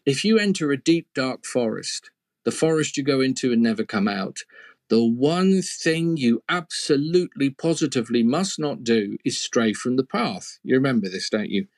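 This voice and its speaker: An old fairy tale is told by a man with a medium-pitched voice, recorded with no room sound. His delivery is conversational, punctuated by playful asides to the listener.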